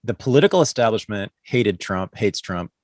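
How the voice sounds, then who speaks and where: A man's voice: on the low side, lively intonation, normal speed, a little mellow, dry recording, clean studio sound. A man hosting a podcast, making earnest, opinionated points in a casual interview chat. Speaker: podcast host.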